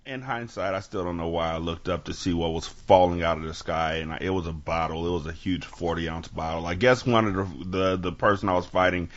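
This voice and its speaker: A man from Sacramento hosting a podcast, telling stories with lively acted-out quotes and casual swearing, on dull lo-fi audio. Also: sits low, a little fast, hardly any pauses. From Sacramento, California. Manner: animated storytelling, acts out quotes, swears freely. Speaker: podcast host. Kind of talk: casual chat.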